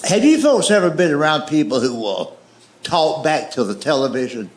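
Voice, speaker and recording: A man telling folksy stories on a comedy stage in a drawling, deadpan way. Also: on the high side, moderate pace. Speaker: stand-up comedian. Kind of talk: stand-up storytelling. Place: comedy stage before a live audience. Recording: echoey live venue.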